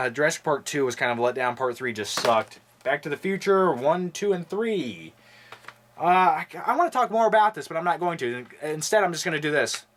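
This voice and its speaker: Young male host, casual wisecracking chat, lively pitch, audible hiss. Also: moderate pace. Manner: wisecracking, offhand, swears casually. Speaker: video host reviewing his movie collection. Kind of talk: casual chat with jokes and impressions. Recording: noisy home recording.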